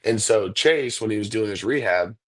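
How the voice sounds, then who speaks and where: A relaxed man talking through stories in a casual interview. His voice sits fairly low, and he rambles along, filling his sentences with "like" and "dude". He sounds like an athlete talking shop about game moments. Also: normal speed. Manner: laid-back, rambling storyteller, says "like" and "dude" a lot. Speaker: NFL kicker, guest.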